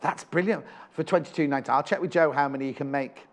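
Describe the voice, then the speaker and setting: A man's voice: fairly high pitch, fast talker. A man presenting craft kits on a live shopping channel, chatty and enthusiastic, rambling with frequent self-corrections.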